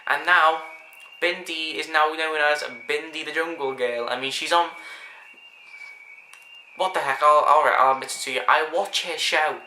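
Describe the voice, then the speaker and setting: A man speaks in a bright, forward voice, wandering through his thoughts and restarting sentences as he goes. He sounds earnest and unpolished. The recording is echoey, with a faint hiss underneath. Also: a little high, fairly even intonation, moderate pace, pauses often. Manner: rambling, earnest, many restarts and asides. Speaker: vlogger. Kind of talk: casual monologue to camera.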